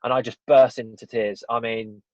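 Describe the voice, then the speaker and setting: Speaking at a moderate pace in a medium-pitched, level, somewhat dark voice, an English podcast guest tells a personal story during a casual interview. He rambles earnestly, saying "you know" and "right?" a lot, and the recording sounds dull and dry.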